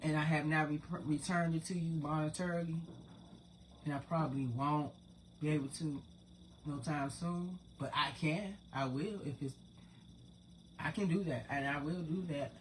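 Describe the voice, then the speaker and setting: A streetwise host in their forties, talking straight to viewers. The monologue rambles and swears freely. Loud, emphatic stretches give way to quiet asides. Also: mid-range voice, normal speed, long pauses, a little hiss or hum. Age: 40s. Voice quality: profane, rambling, streetwise talk. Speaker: spiritual channel host. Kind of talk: casual spiritual monologue to viewers.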